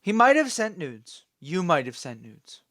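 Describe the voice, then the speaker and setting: A man talks through his opinions in a slow, meandering way, padding his points with fillers. His voice sits a little high, and the sound is dry and close. He turns dismissive and scolding when he addresses his critics. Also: big pitch swings, a bit bright, no echo. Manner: rambling, opinionated, many fillers. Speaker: channel host. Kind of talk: opinion commentary vlog.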